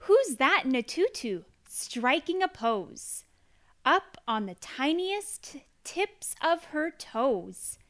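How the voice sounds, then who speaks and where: A woman reading a children's picture book aloud in an animated, sing-song way. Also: high-pitched, slow. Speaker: storybook reader. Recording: roomy echo.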